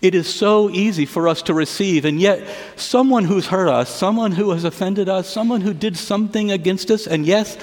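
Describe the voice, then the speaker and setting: Man, pastor, sermon, fairly high voice, quiet low asides, long hall reverb. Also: moderate pace, hardly any pauses. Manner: retells a parable with asides, often dropping to a quiet low voice. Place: church service.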